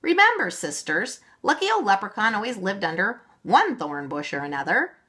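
A woman's voice: mid-range voice, very animated, moderate pace, pushed and bright, voice pushed up. A woman voicing a fond, forgetful old great-aunt in a read-aloud storybook. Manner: fond, a bit muddled.

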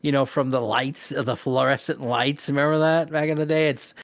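A man's voice: mid-range voice, steady tone, normal speed, dry recording, clean studio sound. A man hosting a casual podcast, rambling easily and laughing often. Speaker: podcast host. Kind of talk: casual chat.

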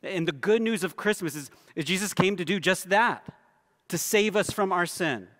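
A male pastor delivers an earnest sermon with a fairly high voice. He slows and sinks to a hushed low tone on the words he wants to stress. The sound rings with the long reverb of a church hall. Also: expressive. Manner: earnest preaching, drops low and soft for emphasis. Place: church sanctuary.

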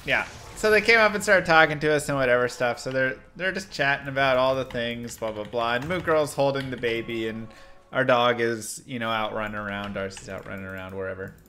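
A man's voice: mid-range voice, bright, forceful tone, a little hiss or hum. A man casually commenting on his gameplay during a live stream, chatty and rambling with frequent laughs. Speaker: game streamer.

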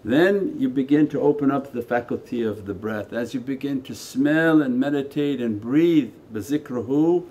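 A man teaching as a Sufi teacher in a spiritual lecture, talking conversationally and moving between quiet asides and emphatic lines. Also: medium pitch, normal speed, few pauses, a little hiss or hum. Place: meditation center hall.

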